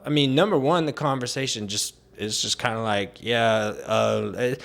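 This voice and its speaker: A man's voice: medium pitch, moderate pace, creaky, a bit bright. Exasperated young man ranting. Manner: exasperated, sarcastic, mimics people he quotes. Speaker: vlogger. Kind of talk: casual rant to camera.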